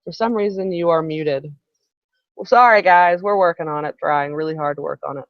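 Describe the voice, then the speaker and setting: A woman with a deep voice hosts a live broadcast from home, speaking at a moderate pace. She rambles chattily through a long story with frequent asides, and the dull, dry audio has no room sound.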